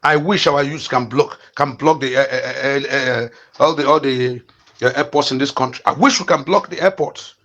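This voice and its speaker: A man's voice: mid-range voice, moderate pace, a bit bright. A Nigerian man in his fifties from the east of the country, hosting an impassioned political commentary in fiery, repetitive rallying calls broken by frequent fillers. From eastern Nigeria. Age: 50s. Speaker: channel host.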